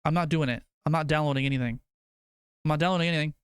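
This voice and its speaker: Smooth-voiced streamer man, casual rambling. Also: on the high side, rapid-fire, dry recording, studio quality. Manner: rambling, swears casually, argues food opinions. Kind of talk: casual chat with live chat.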